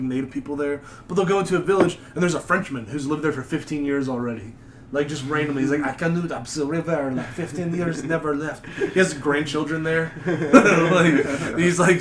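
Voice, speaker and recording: Oklahoma guy rambling through a story on a podcast, kinda high voice, faint hiss in an echoey room. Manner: rambling, animated storytelling with mocking put-on voices. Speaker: podcast host. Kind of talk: casual chat.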